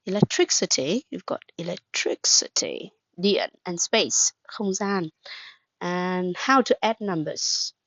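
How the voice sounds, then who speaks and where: Slow-talking teacher woman, dry lo-fi sound. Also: lowish voice, expressive, creaky, fairly bright tone, no room sound. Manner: patient, asks questions then praises, glosses words in Vietnamese. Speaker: English teacher. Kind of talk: classroom lesson, spelling out words.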